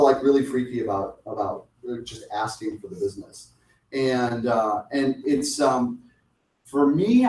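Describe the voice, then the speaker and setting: A man's voice: medium pitch, a little mellow. Conversational man in an echoey room. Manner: conversational, acts out little client dialogues. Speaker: sales coach. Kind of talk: lunch talk presentation. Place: meeting room. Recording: echoey room, mic at a distance.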